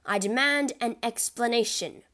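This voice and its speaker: A woman voicing an angry young nobleman who speaks loudly and indignantly. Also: mid-range voice, lively intonation, moderate pace, lightly acted. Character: hot-headed young nobleman defending his father.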